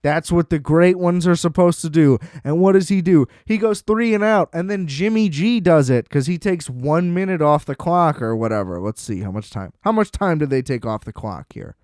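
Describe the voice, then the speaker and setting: A man's voice: a little high, animated, moderate pace, hardly any pauses, darkish tone, no room sound, clean studio sound. A man hosting a podcast, ranting about football in a blunt, profane, sarcastic way. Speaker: podcast host. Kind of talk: ranting sports commentary.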